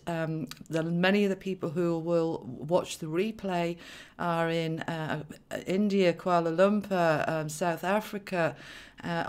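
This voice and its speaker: A woman hosting a live stream, chatting and laughing with viewers, then slowing into a soft guided meditation. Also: lowish voice, clear, resonant tone.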